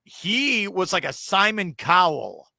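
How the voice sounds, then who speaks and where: A man hosting a sports talk show, ranting excitedly and correcting himself as he goes. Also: high voice, slow, vocal fry, no echo. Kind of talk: casual sports chat.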